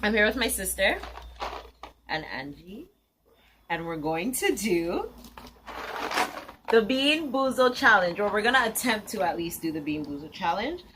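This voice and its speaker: A young woman hosting a casual challenge vlog at home with family, excitable and quick to shriek and laugh. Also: medium pitch. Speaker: vlogger host. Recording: noisy home video.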